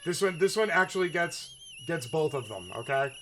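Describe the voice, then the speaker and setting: A man's voice: on the high side, expressive, normal speed, a bit bright, a little hiss or hum. Sarcastic ranting male commentator. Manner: sarcastic and mocking, swears freely. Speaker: political commentary host.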